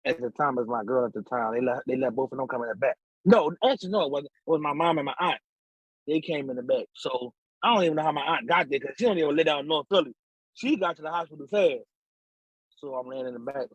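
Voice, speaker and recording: Husky-voiced man telling stories. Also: fast talker, dry recording, poor audio. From Philadelphia. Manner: animated, acts out quotes with big pitch jumps. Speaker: podcast guest. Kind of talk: casual storytelling.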